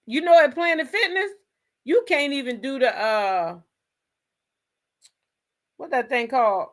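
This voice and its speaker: A woman's voice: high-pitched, measured pace. A woman hosting a commentary show, talking in a blunt, chatty way and swearing freely. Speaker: commentary channel host. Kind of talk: casual commentary.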